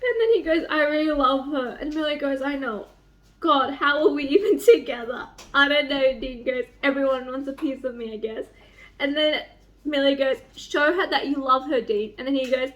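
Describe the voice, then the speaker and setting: A young woman vlogging at home about a book she is reading, reading passages aloud and reacting with excited squeals and swearing. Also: moderate pace, lo-fi sound. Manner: gushing and excitable, swings into high squeals and swearing. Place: home, near a microwave.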